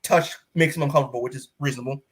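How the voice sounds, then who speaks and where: A man's voice: mid-range voice, fairly even intonation, rapid-fire, slightly rough. A man co-hosting a podcast, casually recapping a comic book in a rambling way full of fillers, often acting out the characters' lines. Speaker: podcast co-host.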